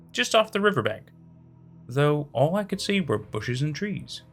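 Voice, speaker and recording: A man narrating a horror story in a dramatic, expressive reading. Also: a little high, measured pace. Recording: faint background music.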